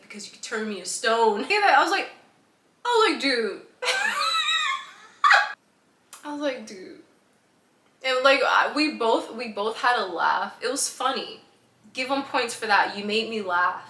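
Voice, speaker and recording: A woman's voice: on the high side, bright, forceful tone. A woman vlogger telling stories casually to the camera, chatty and full of fillers, laughing often. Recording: echoey room with faint background hum.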